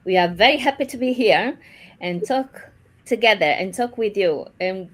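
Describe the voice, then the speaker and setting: A woman nurse from Italy with an Italian accent, for whom English is a second language, co-hosting a podcast in casual, earnest talk and sometimes pausing to find words. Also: mid-range voice, animated.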